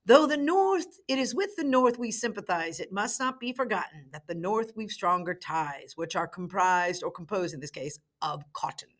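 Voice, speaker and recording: A woman voicing John Bull, a stout English cartoon gentleman, reading his lines in a haughty, mock-formal way. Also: mid-range voice, animated, moderate pace, few pauses, close to an everyday voice.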